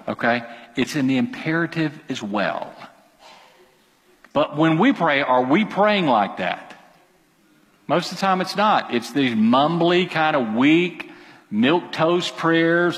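Male pastor, fairly high voice, informal sermon, reverberant sanctuary. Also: very animated, moderate pace, pushed and bright. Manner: conversational, quizzes the congregation, repeats phrases. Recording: long hall reverb.

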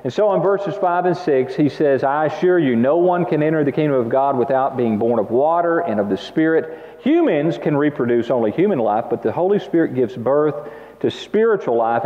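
A man preaching a sermon, telling stories with lively emphasis and asking the congregation to repeat after him. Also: medium pitch. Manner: animated storytelling, laughs, calls for audience response. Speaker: pastor. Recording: muffled sound with long hall reverb.

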